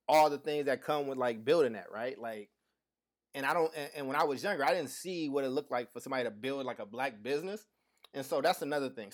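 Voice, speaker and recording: A man in his thirties hosting a live podcast in casual chat. He talks loosely, with slang and restarts, and has a slight lisp from dental aligners. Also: medium pitch. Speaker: podcast host.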